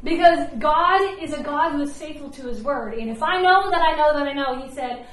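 Woman preaching, high voice, lively and conversational, acts out quotes, very echoey room, mic far off. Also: a little fast, few pauses. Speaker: ministry leader preaching. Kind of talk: sermon.

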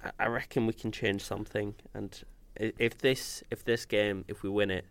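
Co-host: man, very deep voice, loose stop-start fan chat. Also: level tone, normal speed, clean tone, no echo. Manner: casual, repeats words when starting. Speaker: podcast co-host. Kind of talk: football fan podcast chat.

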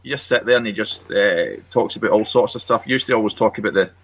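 A man's voice: on the low side, fast. A Scottish man on a podcast panel, telling a story with a hesitant manner and many ums. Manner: hesitant, lots of ums and uhs. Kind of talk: casual chat.

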